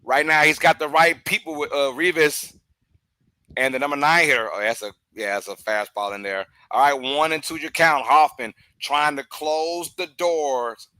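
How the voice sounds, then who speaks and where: A man hosting a live baseball watch-along, giving casual play-by-play commentary that is chatty and excitable, with loud outbursts and laughter. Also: normal speed, dry recording, rough recording. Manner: chatty, drifts into side talk between pitches. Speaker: host of a live game watch-along stream.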